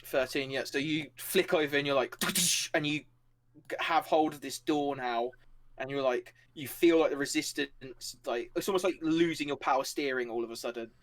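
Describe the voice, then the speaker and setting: A man's voice: medium pitch, normal speed. A man narrating a tabletop game as game master, rambling with many fillers and laughing along. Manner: rambling, filler-heavy, laughing, acts out characters.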